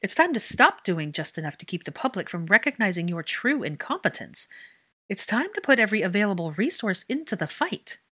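A woman voicing a sharp-tongued, defiant young witch in a storybook reading, speaking crisply and forcefully. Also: mid-range voice, sing-song, normal speed, pitched above the performer's own voice.

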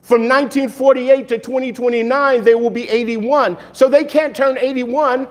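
A male pastor preaching a sermon in an animated way, asking rhetorical questions and answering them himself, with jokes and laughs between points. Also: extremely high pitch, moderate pace.

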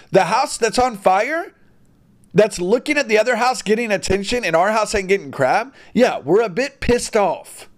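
A man delivering a heated, blunt opinion monologue, with crude language and frequent restarts. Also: sits high. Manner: heated, blunt, mildly profane, many restarts.

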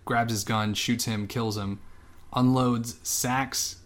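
A man's voice: mid-range voice, steady tone, slow pace. A man co-hosting a podcast, casually retelling a film scene with swearing and acted-out quotes. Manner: loose, profane storytelling with acted-out quotes. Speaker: podcast co-host. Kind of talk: casual chat.

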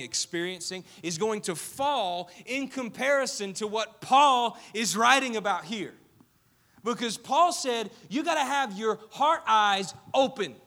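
Young male pastor, lively storytelling sermon, high bright voice. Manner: animated, storytelling with audience questions.

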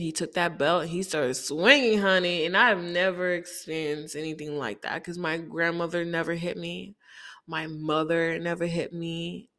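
A woman's voice: lowish voice, a bit bright. A woman from Haiti telling a candid, reflective personal story, often quoting people in dialogue.

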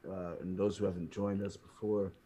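A man's voice: sits low, little pitch movement, moderate pace, dark tone, slightly rough. A man co-hosting a casual podcast, cutting in with jokes and hype. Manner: joking, hype-man interjections. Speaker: podcast co-host.

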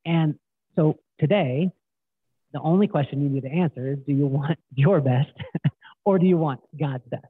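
A middle-aged man guest, telling stories in an animated way and acting out quotes. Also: a little high, normal speed, husky, no room sound. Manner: animated storyteller, acts out quotes. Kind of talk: casual storytelling interview. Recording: tinny phone-like line, dry.

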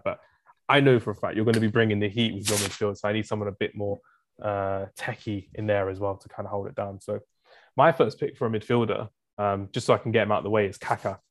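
A man's voice: fairly low pitch, a little hiss or hum. A man co-hosting a casual football podcast, talking enthusiastically and rambling through lists of players. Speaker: podcast co-host.

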